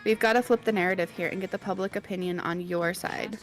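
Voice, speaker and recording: Upbeat pushy young brand manager guy, slick talker, soft guitar behind, woman voicing him. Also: medium pitch, steady tone, fast, lightly acted. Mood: persuasive. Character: smooth-talking young male brand manager.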